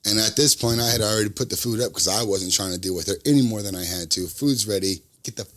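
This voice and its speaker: A young man telling a work story on a casual podcast, animated and acting out the people in it. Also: quick pace. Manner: animated, acts out customers in high voices. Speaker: podcast co-host.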